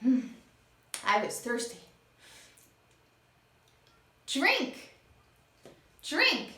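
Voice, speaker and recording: Woman, children's teacher, higher voice, very lively, acts out words, roomy echo. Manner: slow, animated, acting out each verb. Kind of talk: children's lesson. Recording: echoey room.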